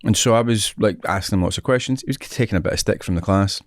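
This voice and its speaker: A man's voice: fairly low pitch, fast, no echo. A Scottish man in his forties, a guest telling stories in a casual interview and often laughing. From Scotland. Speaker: actor, guest.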